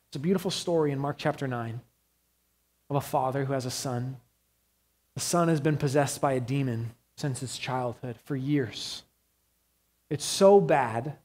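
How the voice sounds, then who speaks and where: A man preaching a sermon as pastor, earnest, moving between hushed quiet passages and raised urgent ones. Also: on the high side.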